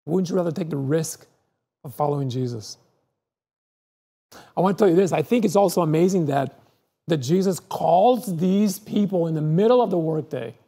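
Earnest pastor with a warm, husky voice. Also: medium pitch, moderate pace, pauses often. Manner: earnest, repeats words as thoughts build. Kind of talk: sermon with storytelling.

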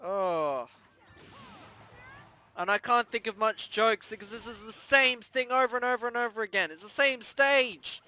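A man giving let's-play commentary, excitable and yelping, repeating words when he loses. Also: high-pitched, measured pace, no room sound. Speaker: gaming YouTuber.

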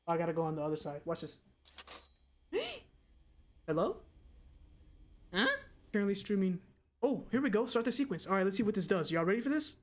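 A young man streaming a zombie game, reacting loudly with gasps and exclamations. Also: sits high. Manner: excitable, loud reactions, frequent gasps. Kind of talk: live gameplay commentary.

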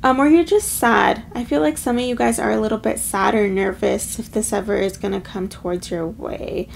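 A woman's voice: medium pitch, moderate pace, gravelly, a little hiss or hum. A woman giving a casual pick-a-card tarot reading, chatty and emotional, with lots of filler words. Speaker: tarot reader.

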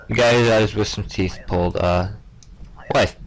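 A man's voice: fairly low pitch, lively intonation, moderate pace, low-quality recording. A young man giving casual gameplay commentary, stumbling over names and muttering offhand asides. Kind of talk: casual let's-play commentary.

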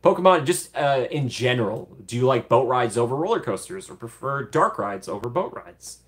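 Young male streamer, casual chat, easy middle pitch, laughs a lot and gushes thanks. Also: very animated, moderate pace. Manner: chatty, laughs often, gushes thanks to viewers. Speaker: livestream host.

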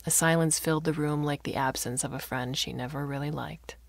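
A woman narrator reading a short story aloud in a measured way, giving voices to the characters. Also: deep voice, steady tone, no room sound. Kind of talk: scripted narration.

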